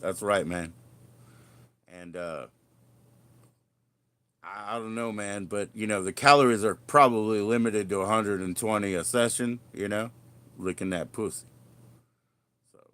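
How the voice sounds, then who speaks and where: A man hosting a casual livestream, rambling from one joke to the next with crude humor. His voice sits somewhat low. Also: a little slow, long pauses, a bit bright. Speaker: livestream host.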